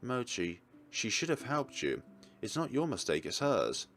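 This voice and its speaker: A man voicing a protective, tender young wolf who talks softly and reassuringly. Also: mid-range voice, sing-song, measured pace, faint music behind. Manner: soft, reassuring.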